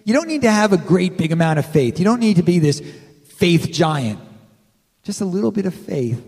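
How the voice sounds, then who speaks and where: A man's voice: sits high, expressive, normal speed, a little mellow, slightly rough. A male pastor preaching a sermon in a church, conversational and direct, calling out to the congregation for amens. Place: church sanctuary. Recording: long hall reverb.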